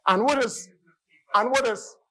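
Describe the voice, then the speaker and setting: A Bahamian-accented man speaks in a parliamentary debate with a high, forceful voice. He drives his points home, circling back to the same phrases and addressing the chair again and again. He is in a parliament chamber. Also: measured pace, poor audio. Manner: emphatic, repeats "Mister Speaker" and phrases for stress. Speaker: member of parliament.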